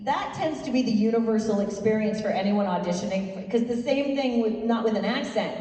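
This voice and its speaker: A woman's voice: on the high side, brisk, dark tone, a little hiss or hum. A woman from Oregon on a convention panel, chatting with fans in a playful, jokey way. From Oregon, USA. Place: large convention hall. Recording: echoey convention hall, from far off.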